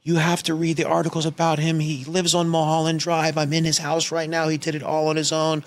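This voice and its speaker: A man imitating his drunk, distraught mother in a high, pleading, overwrought voice. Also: monotone, brisk, lightly acted.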